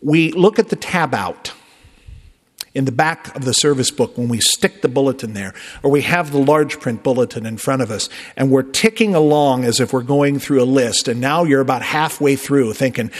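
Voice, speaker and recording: A male pastor preaching a sermon in a conversational way, with emphatic rises and soft drops. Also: mid-range voice. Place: church sanctuary. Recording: long reverb of a church.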